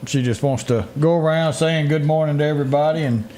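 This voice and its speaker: Fairly high male co-host, casual and wry, faint hiss behind. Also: brisk, dark tone. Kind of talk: casual chat.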